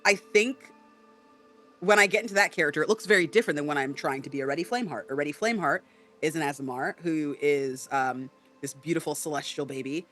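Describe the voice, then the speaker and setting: A man co-hosting a podcast in casual chat, animated and explanatory, often tagging on "right?". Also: a little high, quick pace, soft background music. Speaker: podcast co-host. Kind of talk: casual chat about tabletop role-play.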